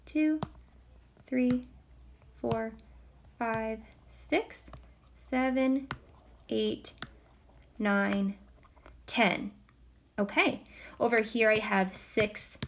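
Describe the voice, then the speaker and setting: A woman teacher walking students through a recorded math lesson step by step, patient, counting aloud softly as she works. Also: fairly high pitch, a little hiss or hum.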